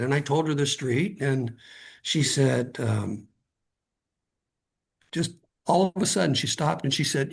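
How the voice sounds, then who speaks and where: Gravelly earnest man telling a story. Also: fairly high pitch. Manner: earnest, halting, repeats words when starting a thought. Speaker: guest author. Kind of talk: conversational storytelling.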